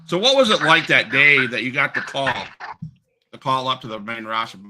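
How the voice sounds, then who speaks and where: A man's voice: mid-range voice, very animated, normal speed, sharp tone. A man hosting a podcast interview, asking questions and giving short replies. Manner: short acknowledgments, asks questions. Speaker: podcast host.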